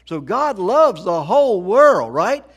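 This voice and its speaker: A man's voice: high voice, big pitch swings, takes it slowly, husky, dull audio. A middle-aged man preaching a sermon as a pastor, emphatic, repeating phrases and asking the congregation rhetorical questions.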